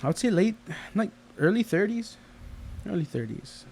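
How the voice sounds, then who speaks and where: A man's voice: sits high, big pitch swings, normal speed, vocal fry, darkish tone, a little hiss or hum. A man co-hosting a casual podcast chat, telling long rambling stories and acting out the voices of the people in them. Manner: rambling storyteller, acts out quoted voices. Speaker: podcast co-host.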